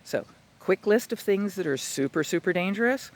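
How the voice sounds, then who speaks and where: A man working as a dog trainer, giving an instructional talk in a chatty, animated way with playful asides. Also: sits high, moderate pace.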